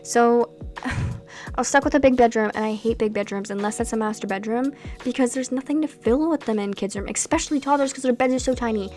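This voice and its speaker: A chatty young woman talks casually over her gameplay in a slightly high voice. She rambles between thoughts with animated asides, and soft music plays faintly behind her. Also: brisk. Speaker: Sims gameplay creator.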